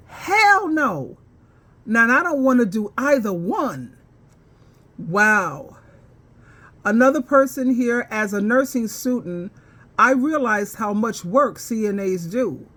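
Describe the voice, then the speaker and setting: A woman's voice: a little high, a bit bright. A woman vlogger telling a story and reading viewer comments in casual commentary, rambling with fillers and laughing heartily between lines. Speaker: advice coach and vlogger.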